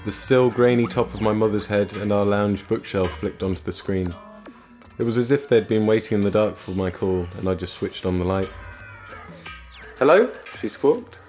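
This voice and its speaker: A man's voice: fairly low pitch, steady tone, fairly quick, darkish tone, soft background music. A young man reading a first-person story in a dry, understated manner. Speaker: narrator. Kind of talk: scripted narration.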